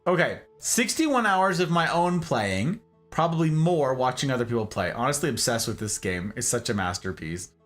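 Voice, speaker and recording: A man streaming a game and chatting with his viewers in a playful, animated way. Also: mid-range voice, moderate pace, hardly any pauses, faint music behind. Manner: playful, animated, given to jokes. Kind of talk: casual live-stream chat.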